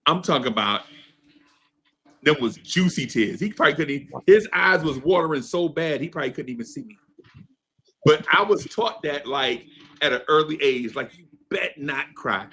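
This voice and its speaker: A man's voice: on the high side, expressive, normal speed, bright, forceful tone, a little hiss or hum. A man in his fifties telling a story in a laid-back podcast chat, laughing often and asking "right?" after his points. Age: 50s. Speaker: podcast co-host. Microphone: streamed podcast mic.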